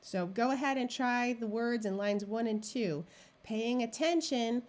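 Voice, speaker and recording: A woman's voice: on the high side, a little mellow. A woman reading tutor giving a phonics lesson, sounding out practice words one at a time and explaining syllable rules. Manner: slow, deliberate, clear word-by-word modeling.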